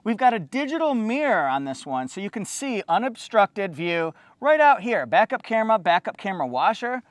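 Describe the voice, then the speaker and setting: A man giving an excitable car review walkaround, often exclaiming as he points out features. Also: sits high, moderate pace, no echo.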